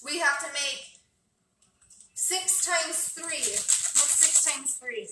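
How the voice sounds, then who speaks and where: At home in her kitchen, a woman vlogger chats to the camera while cooking and coaching her child through a recipe. Her voice sits high and she speaks extremely slowly. The camera is distant, the room echoes, and there's background noise.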